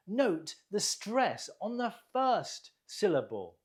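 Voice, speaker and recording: An English teacher giving an online vocabulary lesson, drilling words slowly and deliberately and praising the learner after each repetition. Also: medium pitch, very animated.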